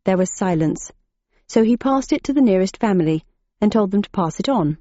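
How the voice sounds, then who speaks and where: A woman reading a novel aloud as a narrator, in a dry, measured manner. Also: mid-range voice, animated, mellow, no room sound. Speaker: audiobook narrator. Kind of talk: scripted narration. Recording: dull muffled audiobook recording.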